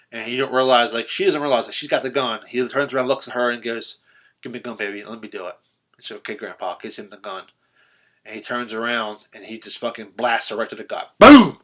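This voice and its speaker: Bright-voiced man recapping a film. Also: mid-range voice. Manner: animated retelling, swearing, filler-heavy. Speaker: podcast host. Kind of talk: casual film recap chat.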